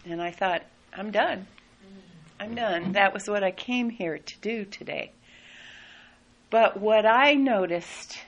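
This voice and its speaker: Slow, gentle woman telling a story. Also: medium pitch, gravelly, rough recording. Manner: soft, unhurried, laughs often. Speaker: speaker sharing a personal story.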